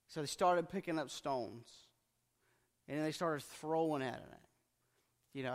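A man's voice: fairly high pitch, steady tone, normal speed, pauses often, long reverb tail. A man preaching a conversational sermon in a folksy manner, acting out what people in the scripture might say. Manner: folksy, acts out quoted speech in plain voice.

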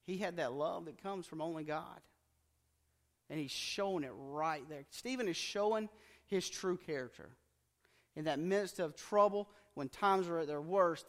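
A man's voice: a little high, big-room sound. A man preaching a conversational sermon in a folksy manner, acting out what people in the scripture might say. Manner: folksy, acts out quoted speech in plain voice.

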